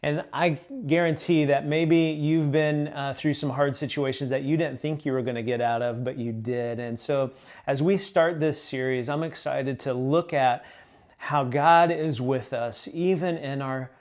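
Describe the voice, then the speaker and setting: A man, a pastor in his thirties, giving announcements and a sermon on a live stream in a relaxed conversational way, with frequent fillers. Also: medium pitch, unhurried. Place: church stage.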